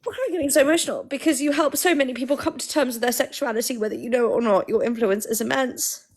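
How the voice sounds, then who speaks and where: A woman's voice: high-pitched, fast, a little mellow. A young woman co-hosting a live podcast stream, chatting casually and teasing her co-host. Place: indoors at a shared table.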